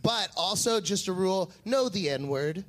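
A man co-hosting a live comedy show on stage, cracking quick teasing jokes. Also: high-pitched, lively intonation. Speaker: comedian and co-host. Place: stage before a live audience.

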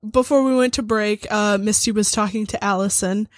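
A woman running a tabletop game, narrating in a slow, amused, casual way. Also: mid-range voice, fairly even intonation, no echo. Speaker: game master.

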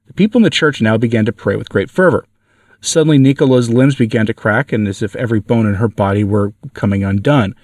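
A man's voice: mid-range voice, darkish tone, dry recording, clean studio sound. Earnest man reading a story, distant mic. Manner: earnest, measured reading with small slips. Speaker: podcast narrator. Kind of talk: reading a devotional story aloud.

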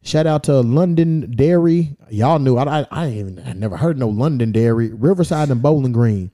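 Mellow-voiced man hosting a podcast. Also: mid-range voice, animated, normal speed. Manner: loose, profane, reads out listener locations. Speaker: podcast host. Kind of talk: casual chat.

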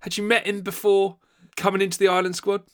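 A male podcast host asking an interviewee measured, considered questions. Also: high voice, little pitch movement, smooth, no room sound, studio quality.

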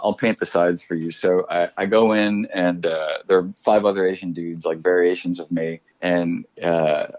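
A middle-aged man speaks in a very deep voice, relaxed and chatty as he tells an animated story. He laughs easily between lines. The recording has a slightly muffled, dull quality. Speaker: actor guest. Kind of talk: casual storytelling interview.

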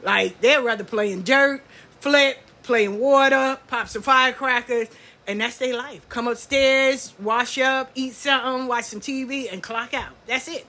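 A woman's voice: high-pitched, fairly even intonation, a little slow, pushed and bright. An older woman, a grandmother, telling stories about her grandchildren in a blunt, profane, casual way and laughing often. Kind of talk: casual storytelling.

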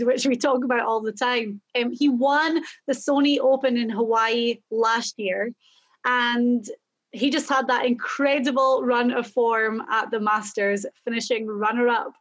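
Woman host doing golf picks, upbeat, reads stats, slightly high voice. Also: unhurried, highs cut off. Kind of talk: casual sports betting chat.

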